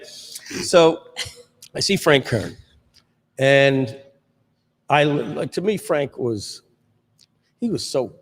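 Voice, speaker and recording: A man hosting a casual livestream chat, telling anecdotes in an animated way and laughing often. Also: medium pitch, gravelly, slightly rough, in a large hall. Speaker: host.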